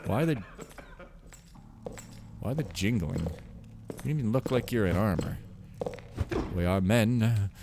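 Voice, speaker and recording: A man's voice: lowish voice, lively intonation, slow pace, gravelly, long pauses, background noise. A man giving casual, rambling commentary over a video game, joking and mocking himself as he plays. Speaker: Let's Play commentator.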